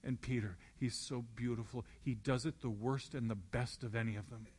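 A man's voice: mid-range voice, steady tone, normal speed, darkish tone, husky. A man preaching a sermon, retelling the scene as vivid storytelling and acting it out.

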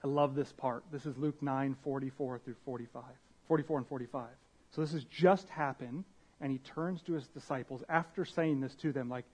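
A man's voice: medium pitch, brisk, a little mellow, breathy edge. A young man preaching a sermon as a pastor, casual and conversational, with slang, restarts and Bible readings.

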